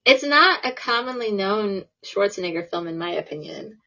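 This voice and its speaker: A woman's voice: medium pitch, expressive, moderate pace, gravelly, pushed and bright. A woman hosting a podcast interview, upbeat and giggly in casual chat. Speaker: podcast host. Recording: lo-fi dull audio.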